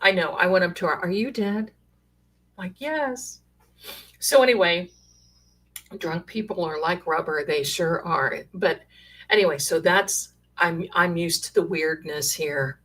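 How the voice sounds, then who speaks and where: A middle-aged woman telling rambling, animated stories in a casual way. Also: lowish voice, normal speed. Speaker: storyteller sharing paranormal stories. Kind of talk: casual storytelling.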